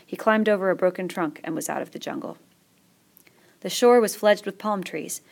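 A woman reading a novel aloud in steady, measured narration. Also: medium pitch, vocal fry. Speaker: audiobook reader. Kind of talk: scripted narration.

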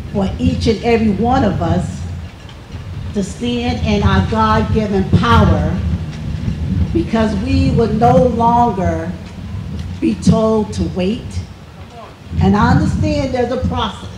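A woman who leads a church community group, giving an impassioned speech at an outdoor rally with a slow, emphatic, repeating cadence. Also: mid-range voice. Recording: echoey outdoor PA sound with faint traffic.

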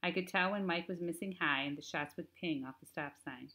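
Low-voiced woman reading a novel. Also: fairly quick, bright, forceful tone. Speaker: audiobook narrator. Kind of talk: first-person audiobook narration.

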